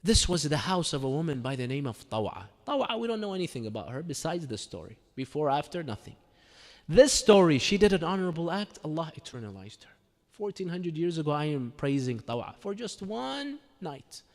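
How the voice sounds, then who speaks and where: A man's voice: a little high, very animated, a little fast. A man giving a sermon to a congregation, telling a religious story in a dramatic storytelling manner. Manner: dramatic storyteller, sometimes breaks into mournful chanting. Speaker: religious speaker. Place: community religious center hall. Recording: echoey hall with long reverb.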